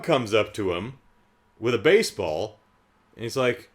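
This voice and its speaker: A man's voice: on the high side, very animated, moderate pace. Guy riffing on a movie, sarcastic and incredulous, voice jumps all over. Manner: sarcastic, incredulous, rambling with asides. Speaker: movie reviewer. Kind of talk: casual comedic movie recap.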